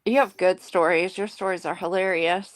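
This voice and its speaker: A woman's voice: on the low side, steady tone, no room sound. A woman co-hosting a podcast, giving short, amused reactions to her friend's story. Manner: laughing reactions, drawn-out. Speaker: podcast co-host. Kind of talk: casual chat.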